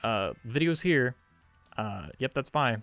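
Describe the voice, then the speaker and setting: A man's voice: mid-range voice, animated, takes it slowly, fairly bright tone, dry recording, faint music behind. Sarcastic rambling movie-review guy. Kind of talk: casual video review.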